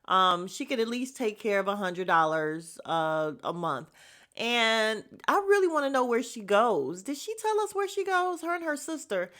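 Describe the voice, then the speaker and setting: A woman's voice: a little high, sing-song, normal speed, a bit bright. Blunt, gossipy woman podcast host. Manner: blunt, gossipy and candid, with casual slang and cursing; chatty and rambling, with frequent fillers. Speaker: podcast host recapping a reality show. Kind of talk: casual recap chat.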